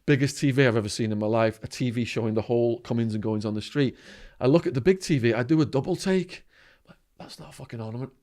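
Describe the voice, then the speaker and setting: A man from Widnes with an English accent, a podcast guest telling animated stories, swinging between loud bursts and quiet asides. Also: mid-range voice, quick pace, hardly any pauses. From England, Widnes. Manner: animated anecdotes with swearing and sudden quiet asides. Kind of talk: storytelling in conversation.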